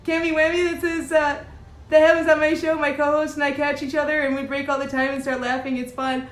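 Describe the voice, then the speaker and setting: A woman's voice: high-pitched, flat delivery, a little fast. A woman co-hosting a live stream, chatting casually, giggling and reading viewer comments aloud. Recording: roomy live-stream audio.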